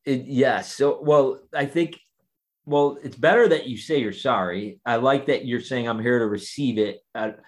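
A man in his fifties, speaking as a guest in an easygoing interview. He talks thoughtfully and hesitantly, often restarting his sentences. His voice sits at an average pitch. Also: moderate pace. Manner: reflective, hesitant, with frequent restarts. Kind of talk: casual conversational interview.

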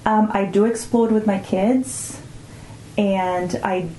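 A woman's voice: mid-range voice, fairly even intonation, slow pace, warm tone, slight background noise. A woman, speaking earnestly as an interview guest and thinking aloud with small restarts. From Brazil. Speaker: guest, mother of two teenagers. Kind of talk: reflective conversational interview. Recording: roomy echoing room.

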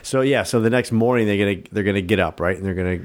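A man's voice: on the low side, racing. A man co-hosting a podcast, recapping a film in a rambling, profane casual chat. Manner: rambling, swears often, tries silly accents.

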